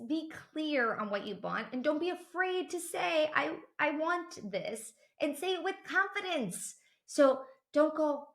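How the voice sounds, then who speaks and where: A woman's voice: sits high, fairly bright tone. A woman coaching viewers on manifesting in a motivational teaching talk, emphatic and repeating phrases for stress.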